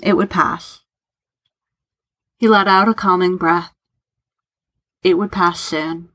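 A woman narrating fiction aloud in an unhurried, even storytelling manner. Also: on the low side.

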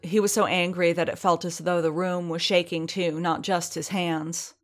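A woman narrating fan fiction in a steady, measured way. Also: on the low side.

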